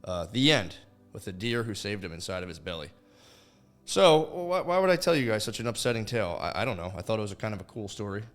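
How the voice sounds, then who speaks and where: A man's voice: fairly low pitch, very animated, quick pace, faint music behind. A man hosting a podcast, telling a meandering story casually and profanely. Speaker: podcast host. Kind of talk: rambling storytelling.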